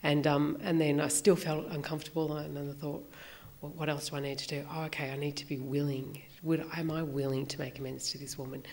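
A woman sharing her personal story at a recovery meeting, reflective and halting, with many fillers. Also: low voice, level tone, darkish tone.

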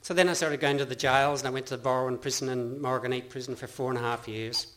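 A man's voice: mid-range voice, fairly even intonation, fast talker, fairly bright tone. A middle-aged Australian man giving a personal recovery testimony to a meeting, earnest and rambling, with frequent restarts and laughter. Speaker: speaker sharing his recovery story.

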